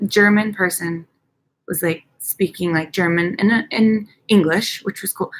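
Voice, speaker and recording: A woman's voice: on the low side, a little hiss or hum. Rambling, giggly young Chicago woman. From United States. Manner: rambling, giggly, upbeat with lots of "like". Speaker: dental hygienist vlogger. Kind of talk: casual chatty vlog. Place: outdoor balcony at night.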